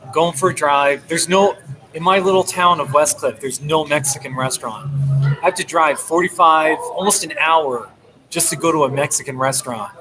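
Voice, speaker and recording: A man's voice: fairly high pitch, moderate pace, crowd noise, low-quality recording. An American man from the New Jersey and New York area, chatting casually and rambling on a live stream from a coffee shop, recording through a laptop he holds up. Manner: rambling, chatty, frequent laughs. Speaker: vlogger. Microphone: laptop held up.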